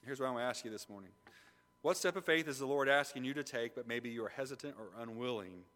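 Bright-voiced preacher man in a reverberant church. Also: mid-range voice, quick pace. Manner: animated and conversational, swinging between loud emphasis and quiet intensity. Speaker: pastor. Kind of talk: sermon. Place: church sanctuary.

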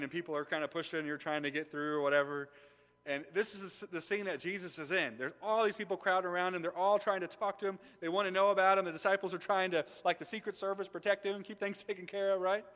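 Bright-voiced preacher man in a reverberant church. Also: medium pitch. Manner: animated and conversational, swinging between loud emphasis and quiet intensity. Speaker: pastor. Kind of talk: sermon. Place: church sanctuary.

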